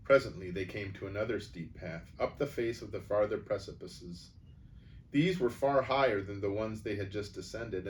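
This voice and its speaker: A man reading a children's novel aloud, expressive and changing his voice for the characters. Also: on the low side, far from the mic, a little hiss or hum. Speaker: storyteller.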